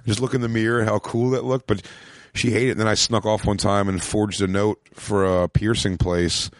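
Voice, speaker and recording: A rambling man trades stories in loose podcast chat and leans on "like" constantly. His voice sits low, and the sound is dry and close, with no room around it. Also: little pitch movement, normal speed, no echo. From Philadelphia, USA. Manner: rambling storyteller, lots of "like" fillers. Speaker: comedian, podcast guest. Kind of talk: casual chat.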